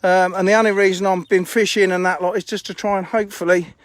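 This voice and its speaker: A man's voice: sits high, flat delivery, quick pace, no room sound. A man chatting bluntly on a phone live stream while walking around his fishing lakes outdoors, a bit out of breath and swearing casually. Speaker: fishery owner streaming live.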